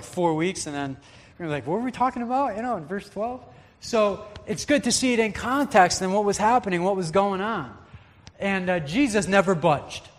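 A man preaching a conversational, earnest sermon as a pastor. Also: high voice. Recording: long hall reverb.

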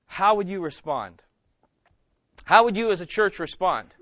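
A man's voice: high voice, moderate pace, no echo. A man, preaching a sermon as pastor in a church and putting questions to the congregation. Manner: animated, asks the congregation questions.

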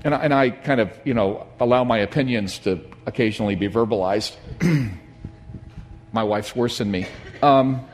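A middle-aged man preaching a sermon, telling a personal story in an animated, emphatic way. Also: mid-range voice, normal speed. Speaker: pastor.

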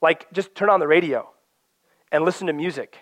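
A man's voice: a little high, fairly quick, fairly bright tone, no room sound. A man preaching a sermon in an earnest, conversational way, often acting out quoted voices and prayers.

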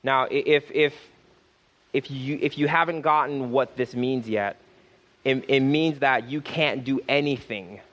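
A man's voice: medium pitch, a bit bright. Fervent male preacher stressing each phrase. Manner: repetitive restarts, rising to fervent emphasis, slows for key phrases. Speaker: pastor. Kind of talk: sermon.

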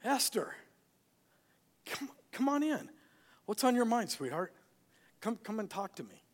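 A man's voice: high-pitched, sing-song, unhurried, creaky, big-room sound, voice pushed up, heavily acted. A man voicing an ancient king in a sermon retelling, in a raised, theatrical voice. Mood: coaxing. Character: a Persian king, fond and commanding.

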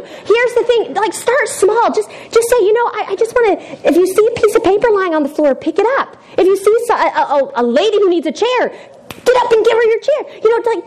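A woman's voice: extremely high pitch, a little mellow, a little hiss or hum, rough recording. A woman giving an informal youth group devotional in a chatty, self-deprecating way, often laughing.

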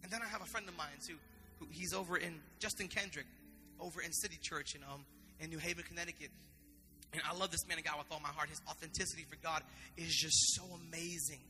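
A man's voice: a little high, steady tone, quick pace, in a large hall, music in the background. A man preaching a sermon in an impassioned, conversational way, often repeating himself. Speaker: pastor.

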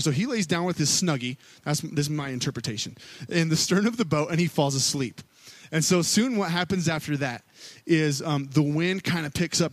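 Male worship pastor, higher register, relaxed conversational sermon delivery, dry close sound. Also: dry recording. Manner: casual and storytelling, with many fillers, acting out quotes.

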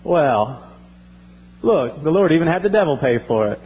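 A pious older woman , as a preacher puts her on, who draws out her exclamations in a fairly high voice. The recording is thin and phone-like. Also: very animated, normal speed, in a large hall, a little hiss or hum. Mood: wry. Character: devout older woman, always praising. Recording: tinny phone-like sound.

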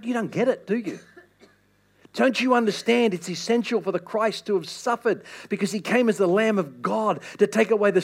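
A male pastor preaching a sermon, emphatic, repeating phrases and restarting lines. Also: sits high.

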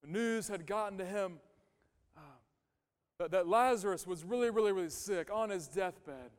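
Pastor guy preaching, chatty and emphatic, fairly high voice, big hall echo. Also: normal speed, clean tone. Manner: conversational, emphatic, repeats key phrases. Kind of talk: sermon. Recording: long hall reverb.

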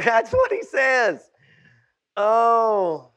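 Male pastor, sermon, high voice, very slow, dramatic loud-to-whisper swings. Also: lively intonation. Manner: drawn-out, emphatic delivery to the congregation.

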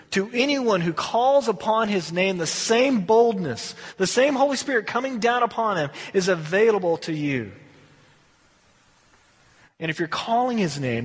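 High-voiced pastor preaching in a reverberant hall. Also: male voice, slightly rough. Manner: conversational, emphatic, rhetorical questions. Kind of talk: sermon.

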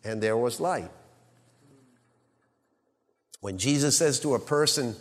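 Man preaching, soaring then hushed. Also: mid-range voice, lively intonation, normal speed, few pauses, long reverb tail. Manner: dramatic swings between loud emphasis and hushed quiet; preaching with rhetorical questions to the congregation. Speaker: pastor. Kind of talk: sermon.

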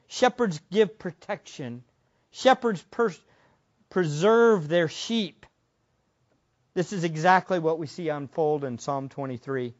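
A man with a high voice preaching a sermon, pressing his points with rhetorical questions and dropping low before rising again. The recording is dull and lo-fi. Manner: emphatic preaching with rhetorical questions, wide swings in loudness. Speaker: pastor.

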